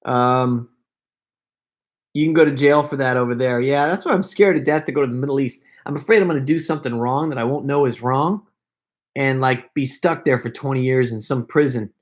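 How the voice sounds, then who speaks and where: A man's voice: mid-range voice, a little fast. A man casually answering fan questions on a live stream, rambling and self-deprecating, with frequent stammers and laughs.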